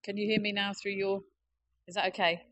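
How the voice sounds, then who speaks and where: A woman's voice: medium pitch, level tone, brisk, heavy background noise. A woman giving a persuasive conference presentation, explaining a campaign with figures. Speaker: conference speaker.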